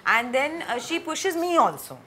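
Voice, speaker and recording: A woman's voice: high-pitched, very animated, moderate pace, fairly bright tone. A woman chatting on stage, rambling with many fillers and frequent laughs. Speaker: guest speaker, actor. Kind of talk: casual stage conversation.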